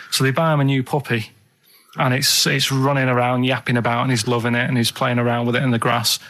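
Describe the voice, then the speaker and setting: A man's voice: mid-range voice, little pitch movement, fairly bright tone. Guy on studio radio chat, rambly, keeps restarting his sentences. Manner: rambling, halting storytelling with many restarts. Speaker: radio show regular.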